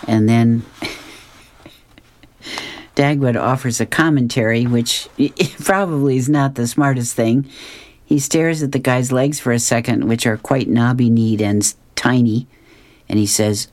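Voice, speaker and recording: A man's voice: mid-range voice, steady tone, unhurried. A man reading comic strips aloud, describing each panel and chuckling often. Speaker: reader.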